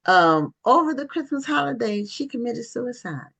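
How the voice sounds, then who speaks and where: A woman's voice: on the high side, big pitch swings, vocal fry, a bit bright, breathy edge. A woman hosting an online book talk show, conversational and affirming with her guests. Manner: conversational, affirming, with quick asides.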